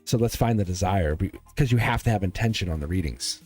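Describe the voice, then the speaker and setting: A man's voice: sits low, fast talker, a little mellow, soft background music. A man hosting a live-stream tarot reading in a loose, rambling, encouraging way, often checking in with his viewers. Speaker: tarot reader and channel host.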